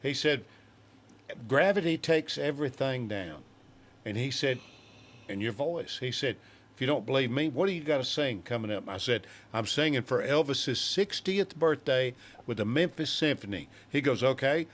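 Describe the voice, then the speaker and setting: An older man, a guest singer telling a story in an animated way and acting out other people's voices. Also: mid-range voice, normal speed. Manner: animated, acts out quoted voices. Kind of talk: storytelling in a studio chat.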